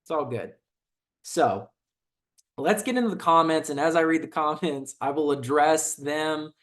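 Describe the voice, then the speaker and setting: A young man with a Southern twang, chatting loosely as a video host, full of fillers and restarts while he reacts to comments. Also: a little high. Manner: rambling, laid-back, many fillers and restarts. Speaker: channel host.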